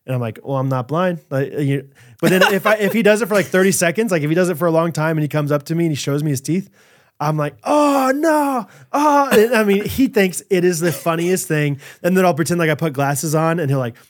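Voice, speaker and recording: A young man co-hosting a podcast, telling a lively story in casual chat and jumping into high squeaky voices as he acts parts out. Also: quick pace. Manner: animated storyteller, jumps into squeaky high voices when acting out. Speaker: podcast co-host.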